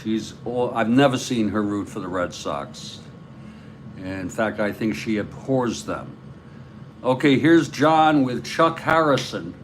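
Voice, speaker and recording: A man from New York with a New York accent, calling a tabletop baseball replay in a slow, rambling way and chatting with viewers between plays. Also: lowish voice, lively intonation, slight background noise. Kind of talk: play-by-play of a board game with chat.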